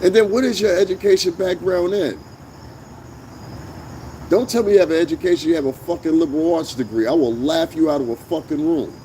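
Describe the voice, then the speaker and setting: A man's voice: mid-range voice, warm tone, slight background noise. A man hosting a commentary vlog, ranting bluntly with heavy profanity and emphatic jabs. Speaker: vlog host. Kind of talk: opinionated commentary rant.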